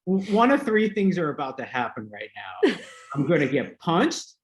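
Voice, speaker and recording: A man hosting a casual podcast, spinning a long anecdote full of fillers and bursts of laughter. His voice sits at an average pitch and sounds roomy and echoey, with a faint hiss under it. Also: moderate pace. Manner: animated, laughing storyteller with many fillers. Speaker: podcast host. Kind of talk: casual storytelling. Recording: roomy echo with faint noise.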